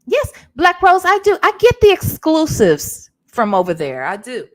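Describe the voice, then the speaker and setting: A woman vlogger doing animated gossip commentary, repeating herself and talking back to her live chat. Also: high voice, normal speed, hardly any pauses.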